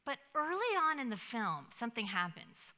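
A young adult woman giving a devotional Bible teaching in a chatty, animated way, with many fillers and restarts. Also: a little high, normal speed. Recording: long hall reverb.

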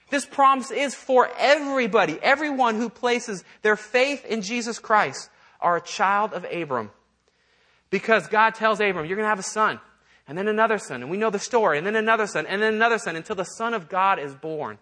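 A man's voice: sits high, animated, a little fast, bright, forceful tone. A male pastor giving a conversational sermon, acting out the voices he quotes and often repeating words as he goes.

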